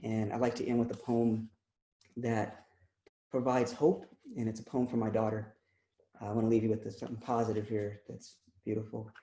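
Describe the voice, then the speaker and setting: Soft-toned man reading poems over a video call. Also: lowish voice, little pitch movement. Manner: measured, halting between poems with many ums. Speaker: poet reading his work. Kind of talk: poetry reading with spoken introductions. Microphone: computer mic on a video call. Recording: echoey video call audio.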